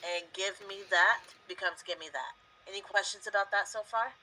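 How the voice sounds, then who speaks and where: A woman's voice: mid-range voice, normal speed, pushed and bright, low-quality recording. A woman English teacher patiently explaining to a student in a live online class. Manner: patient, explains clearly with examples.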